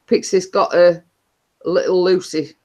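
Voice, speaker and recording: A woman's voice: lowish voice, fairly even intonation, unhurried, warm tone. Middle-aged woman, livestream host, chatty, rambling, many ums and repeats. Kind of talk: casual chat to a live audience.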